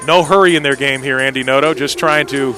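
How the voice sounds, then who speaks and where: Excited man calling indoor soccer. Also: mid-range voice, soft background music. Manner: quick, lively calls that rise sharply on big plays. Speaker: play-by-play commentator. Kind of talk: live indoor soccer play-by-play.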